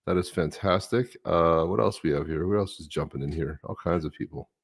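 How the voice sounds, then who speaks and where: A man's voice: sits low, brisk. A man co-hosting a live stream, laid-back, reading out viewer comments and chuckling between them. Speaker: co-host. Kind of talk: casual live-stream chat.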